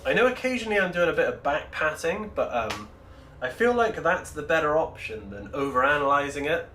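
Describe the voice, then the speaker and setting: A man's voice: a little high, sing-song, fairly quick, pushed and bright, roomy sound, a little hiss or hum. A man hosting a casual livestream while painting miniatures, chatty and rambling as he answers his chat, speaking into a Bluetooth microphone.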